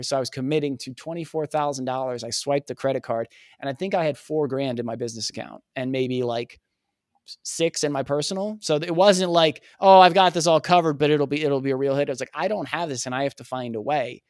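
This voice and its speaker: A man guesting on a podcast, telling a personal story in an earnest, animated way and acting out the dialogue. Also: mid-range voice, no echo, clean studio sound. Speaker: podcast guest, communication coach.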